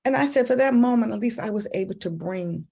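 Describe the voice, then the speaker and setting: A woman in a church women's group telling a personal story in a casual, animated way. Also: fast talker, creaky. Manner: animated, acts out a child's voice in high pitch. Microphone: video call.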